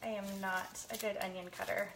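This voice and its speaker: A woman's voice: mid-range voice, flat delivery, fairly quick, very noisy. A woman in her thirties hosting a live cooking stream from her kitchen, chatting with viewers, laughing often, teary from cutting onions. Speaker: lifestyle show host. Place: home kitchen.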